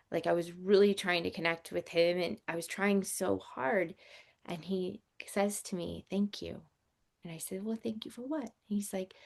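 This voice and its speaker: A woman in her forties telling a personal story in a casual, animated way, with lots of fillers. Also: on the low side, vocal fry. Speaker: podcast guest.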